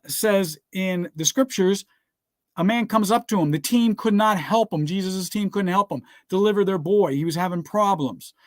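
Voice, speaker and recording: High-voiced emphatic motivational speaker man. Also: no room sound, clean studio sound. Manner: emphatic preacher-like, urging listeners to write things down; repeats rhetorical "guess what?" and "all right?". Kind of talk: motivational business talk with scripture.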